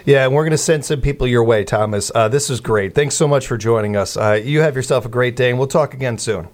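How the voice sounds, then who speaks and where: A man's voice: medium pitch, fast. A man hosting a radio morning show, interviewing a guest with jokey, friendly banter.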